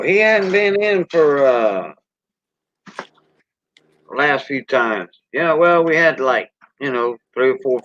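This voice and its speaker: A man's voice: mid-range voice, fairly bright tone, a little hiss or hum. Older Cajun man, folksy drawl. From South Louisiana. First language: Cajun French. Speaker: host. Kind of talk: casual livestream chat. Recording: dull dry lo-fi sound.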